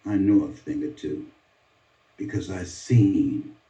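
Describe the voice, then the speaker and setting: A man in his seventies from Miami, USA, delivers a motivational speech as dramatic storytelling, his voice sweeping through big changes. He has a low, warm voice and speaks slowly. The recording is distant, echoey, dull and lo-fi.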